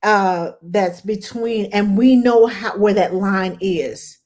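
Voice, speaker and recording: Slow and medium-pitched with a darkish tone, a career nanny chats and spins stories. She does the voices of those she quotes and laughs a lot.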